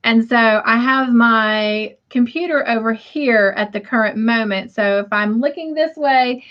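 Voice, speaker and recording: Her voice sits a little high and moves a little slowly as this middle-aged woman runs a relaxed livestream from her home. She's chatty, laughing frequently while reading out comments from viewers, all captured in dull, lo-fi stream sound.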